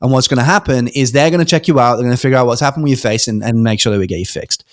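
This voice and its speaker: A man's voice: medium pitch, racing, no room sound, studio quality. A young British man, a podcast guest, telling a personal story in a casual way, acting out the voices of others with many ums and restarts. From Britain. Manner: animated storyteller, acts out quoted voices, frequent ums and restarts.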